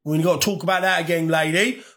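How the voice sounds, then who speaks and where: A young man vlogs in a loose, rambling style, talking fast and keeping a steady tone. He swears freely, laughs as he goes, and his voice is high for a man with a bright, forceful quality.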